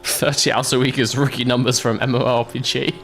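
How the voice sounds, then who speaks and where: A man's voice: mid-range voice, level tone, fast talker, fairly bright tone, faint music behind. A British man streaming a game, chatting casually with viewers, laughing often. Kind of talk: casual livestream chat.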